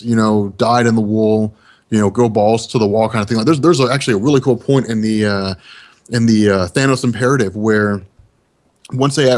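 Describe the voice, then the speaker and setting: Guy rambling on a comics podcast over skype, lots of um and like. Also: on the low side. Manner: rambling, many fillers and restarts. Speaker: podcast co-host. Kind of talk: casual podcast chat. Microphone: Skype call.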